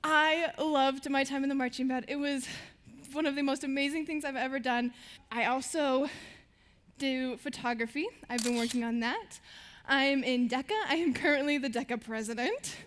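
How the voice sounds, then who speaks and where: A teenage girl speaks to a live audience from a stage in a high voice. Her tone is bright and lively, and she tells her stories in a bubbly way, laughing now and then. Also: moderate pace. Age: teens. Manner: bubbly storytelling, laughs between lines.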